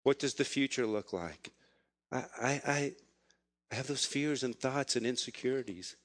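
A middle-aged man preaches to his congregation, weaving a personal story into an earnest, emotional sermon. His voice sits in an ordinary middle pitch. The sound is close and dry, with no room echo. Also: moderate pace. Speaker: pastor.

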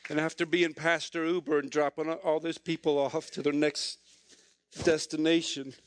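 A man's voice: a little high, flat delivery, normal speed. A middle-aged man, a pastor, preaching a sermon through a personal story, speaking earnestly and with emotion.

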